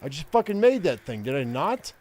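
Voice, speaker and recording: An older man talks over his game in a loose, rambling way, cursing often and restarting his sentences. His voice sits a little higher than most men's, with a faint wash of noise behind it. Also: big pitch swings, brisk, darkish tone. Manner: profane, ranting, rambling with many restarts. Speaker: gaming streamer. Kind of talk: casual gameplay commentary.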